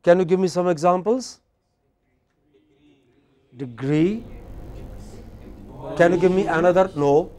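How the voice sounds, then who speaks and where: A man's voice: high-pitched, fairly even intonation, quick pace, few pauses, darkish tone. A male English teacher with an Indian English accent, running a classroom lesson and repeatedly asking students for more examples.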